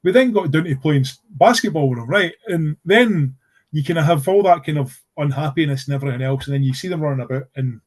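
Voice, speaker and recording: A man's voice: on the high side, fast. Rambling middle-aged Scottish man. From Scotland. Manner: rambling, many fillers and restarts, earnest. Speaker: podcast guest. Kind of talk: casual conversational storytelling.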